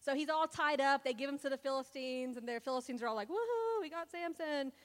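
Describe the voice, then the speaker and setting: A woman's voice: high voice, quick pace. A young woman giving a casual, playful sermon, retelling Bible stories and acting out the characters in mock voices. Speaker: speaker preaching to a congregation. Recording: long hall reverb.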